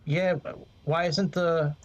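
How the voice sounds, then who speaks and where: A man's voice: fairly high pitch, fairly even intonation, slow pace, muffled recording. A man streaming a flight sim, rambling and swearing freely as he talks to his chat. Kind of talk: casual gameplay commentary.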